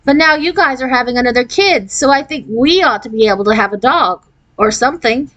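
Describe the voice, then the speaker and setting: Earnest oldest boy pleading his case, voiced by a woman reader, raised pitch, storybook. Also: expressive, brisk, a bit bright, no room sound, lo-fi sound.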